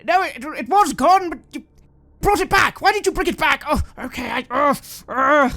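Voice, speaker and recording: A woman voicing a tormented grown man who shouts and pleads in panic, in a tabletop game. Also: high-pitched, lively intonation, normal speed, pitched above the performer's own voice. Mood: panicked.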